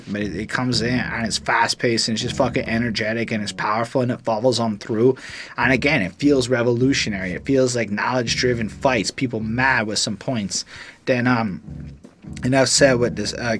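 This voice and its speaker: A man's voice: medium pitch, steady tone, a little fast, fairly bright tone. A man casually reviewing a song on a podcast, rambling and enthusiastic, with lots of swearing. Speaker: music reviewer.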